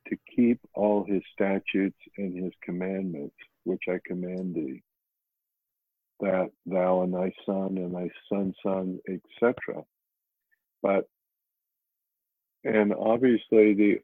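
Deep slow man on a tinny line. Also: dry recording. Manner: measured, reads scripture aloud. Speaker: prayer group member. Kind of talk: casual sharing on a video call. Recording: tinny phone-like call audio.

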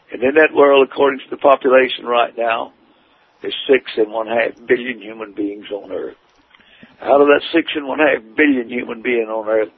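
A man's voice: medium pitch, gravelly, slightly rough, dry recording. A man preaching his testimony in an earnest, emphatic storytelling manner. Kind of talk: testimony sermon. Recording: tinny phone-like radio broadcast.

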